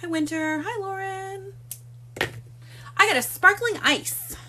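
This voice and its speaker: A woman's voice: very high voice, slow pace, bright, forceful tone. A woman hosting a casual live stream from home on a phone, chatting and greeting viewers by name one after another. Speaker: livestream host.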